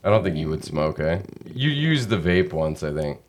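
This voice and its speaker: Deep-voiced relaxed interview host. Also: male voice, normal speed. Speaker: podcast host. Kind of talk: casual interview chat.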